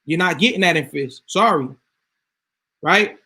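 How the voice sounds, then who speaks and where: A man's voice: a little high, lively intonation, measured pace, sharp tone, slightly rough. A man ranting casually to his viewers, emphatic and swearing freely. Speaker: vlogger. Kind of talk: casual rant to camera.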